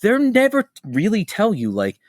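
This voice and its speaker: Animated middle-aged man hosting a podcast. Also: high-pitched, moderate pace, no room sound, clean studio sound. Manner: animated storyteller, swears freely, jumps between tangents. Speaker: podcast host. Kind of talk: casual podcast conversation.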